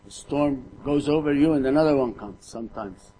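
An earnest middle-aged man delivers a sermon at a mid-range pitch, often stumbling over and repeating his words. He keeps putting rhetorical questions to his congregation. A faint noise sits under the recording. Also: normal speed, dark tone, low-quality recording. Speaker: preacher.

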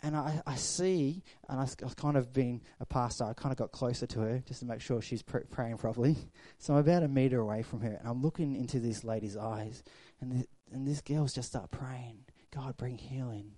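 Here the same kind of middle-aged preacher, mellow and relaxed in a mid-range voice, delivers his sermon slightly quickly and pauses only a few times. His storytelling alternates loud and lively with quiet and intimate, and the recording is close and dry without any room sound.

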